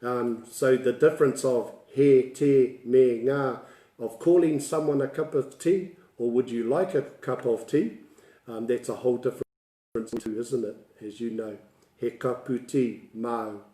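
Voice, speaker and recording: A relaxed, mellow-voiced man with a New Zealand accent runs a casual online language lesson. He talks in a chatty storytelling way, laughs a lot and mixes Māori words into his talk. The sound is roomy and echoey. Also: mid-range voice, a little slow.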